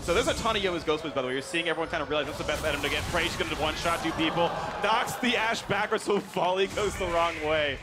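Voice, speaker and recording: A man casting a live esports match, mixing analysis and jokes, breaking into excited shouts. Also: fairly high pitch, fast, hardly any pauses, background noise. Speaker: esports caster. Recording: music bed behind.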